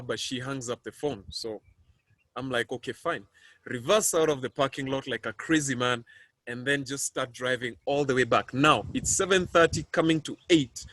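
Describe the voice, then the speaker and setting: A man's voice: mid-range voice, fairly bright tone, dry recording. A man in his thirties with a Kenyan accent, a motivational speaker telling a personal story with dramatic, building intensity. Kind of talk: storytelling speech.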